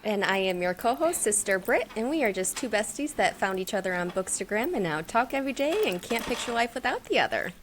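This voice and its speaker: A woman's voice: mid-range voice, very animated, brisk, few pauses, slight background noise. A woman co-hosting a podcast in casual chat, rambling through stories with friends. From US Midwest. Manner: chatty, rambling storyteller. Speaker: podcast co-host.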